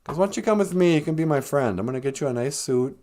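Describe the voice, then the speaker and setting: A man doing a kind doctor, talks fast and a little high, all eager and friendly. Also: expressive, darkish tone, lightly acted. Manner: eager, friendly, quick patter. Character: kindly male doctor, friendly and generous.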